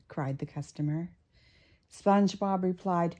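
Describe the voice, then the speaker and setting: An older woman reading a picture book aloud to children, with playful asides. Her voice swings widely and she takes her time. She sounds expressive and animated. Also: fairly low pitch, slow, breathy edge. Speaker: storyteller.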